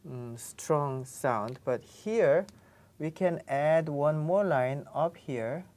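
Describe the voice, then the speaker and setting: A woman's voice: low-pitched, drawn-out words, darkish tone. A woman teaching pronunciation in a classroom lesson, patiently repeating each sound. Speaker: Korean language teacher.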